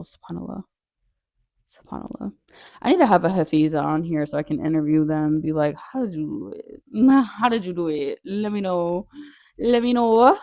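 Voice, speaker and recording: A young woman with a fairly low voice tells her own story as a podcast host, earnest and chatty, leaning on "like" and laughing often. The sound is dry and close, with almost no room around her. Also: mellow, no room sound. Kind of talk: personal storytelling monologue.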